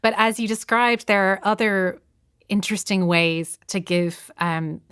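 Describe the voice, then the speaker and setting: A woman's voice: medium pitch, measured pace, fairly bright tone, smooth. A woman interviewing a narrator, asking thoughtful, encouraging questions. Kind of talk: interview conversation.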